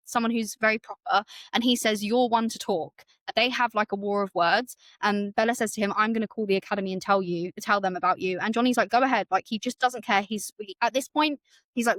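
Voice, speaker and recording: A woman's voice: mid-range voice, a bit bright, no echo. A woman hosting a book podcast, retelling the story in casual chat and acting out the quotes with many fillers.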